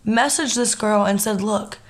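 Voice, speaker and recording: A young woman telling a story in casual chat, animated and swearing freely. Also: a little high, moderate pace.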